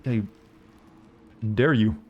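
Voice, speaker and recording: A man's voice: medium pitch, drawn-out words, muffled recording. A man with a Southern US accent chatting casually while he streams a game, rambling as he answers his chat. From Southern United States.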